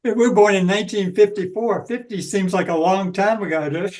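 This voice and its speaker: This is a man in his seventies from Georgia, a guest author answering interview questions in a reflective, hesitant way during casual conversation. His voice is high-pitched and steady, a little fast and darkish in tone. He sits far from the mic, and the recording quality is low.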